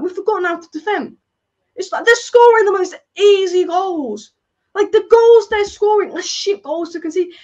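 A woman reacting live to a football match as a fan, exasperated and swearing, repeating her complaints. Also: extremely high pitch. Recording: dull lo-fi audio.

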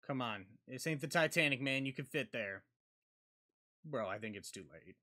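Male reaction host, profane and furious, loud outbursts, lively bright delivery. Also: medium pitch, moderate pace. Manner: profane, yelling outbursts at the screen. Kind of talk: live reaction commentary.

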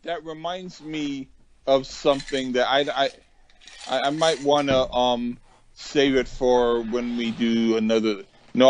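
Halting, slow-talking man on a podcast. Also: medium pitch, dry recording. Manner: halting, many restarts, laughs often. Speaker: podcast co-host. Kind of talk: casual chat. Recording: dull lo-fi podcast audio.

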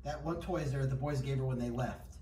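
Man softly sweet-talking a cat at home. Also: mid-range voice, quick pace. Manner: soothing baby talk to a pet. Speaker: cat owner. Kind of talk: casual home video chat. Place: home room. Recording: roomy home room with faint noise.

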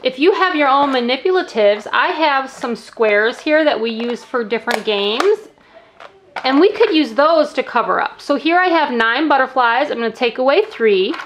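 A woman's voice: high voice, expressive, moderate pace, fairly bright tone, a little hiss or hum. A woman teacher explaining a classroom math activity in a friendly way, counting aloud step by step. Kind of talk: instructional demo.

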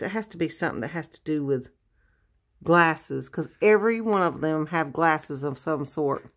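A woman with a low-pitched voice chats casually at a moderate pace on her crafting vlog. Opening a gift of happy mail, she gushes with effusive exclamations.

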